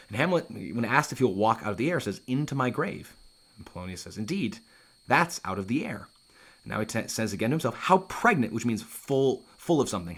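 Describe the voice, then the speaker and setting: Lively man explaining Shakespeare. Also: medium pitch. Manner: lively, casual asides, often restarts and says um. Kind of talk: reading and paraphrasing a play line by line.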